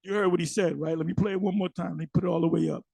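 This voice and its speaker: A man giving a casual religious commentary. He talks loosely and restarts often, and he slows down when he reads scripture aloud. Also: high-pitched, steady tone, vocal fry, mellow, breathy edge, no echo. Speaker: religious elder and teacher.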